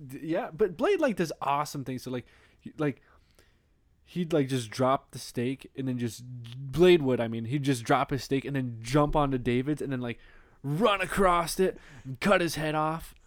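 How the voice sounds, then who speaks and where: A man's voice: mid-range voice, expressive, moderate pace, no echo, studio quality. A man co-hosting a podcast in casual chat, rambling with many fillers and restarts. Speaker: podcast co-host.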